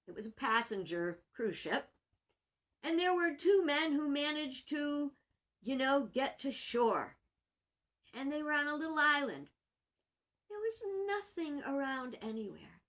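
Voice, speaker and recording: Bright, slow-talking woman minister. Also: sits high, big pitch swings. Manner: chatty, laughs often. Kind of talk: casual storytelling vlog.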